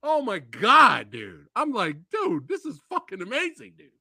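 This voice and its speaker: Man, excitable podcast host, bright lively voice, dry close sound. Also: very high voice, unhurried, husky, dry recording. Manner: excitable, profane, acts out movie quotes. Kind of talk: casual movie chat.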